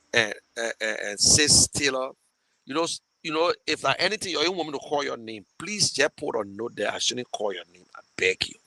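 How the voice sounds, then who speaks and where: A man's voice: mid-range voice, pushed and bright, no echo, low-quality recording. A man with a Liberian English accent hosting a show and talking casually to viewers, emotional and rambling, with many restarts as he thanks supporters. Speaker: show host fundraising for a campaign. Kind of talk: casual live talk to viewers.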